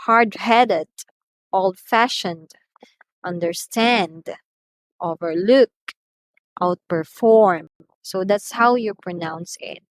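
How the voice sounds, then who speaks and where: A woman's voice: mid-range voice, no room sound, poor audio. Filipino woman teaching English pronunciation. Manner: patient explaining, switching into Tagalog asides. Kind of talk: recorded online lesson.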